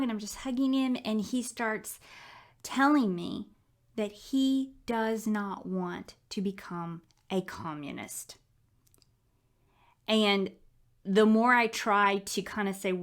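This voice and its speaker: A woman in her thirties or forties talks candidly about her own prayer life. Her delivery is heartfelt and conversational, like a personal faith testimony told to a friend. Her voice sits at an ordinary middle pitch. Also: measured pace, a bit bright. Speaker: Christian speaker sharing her prayer life.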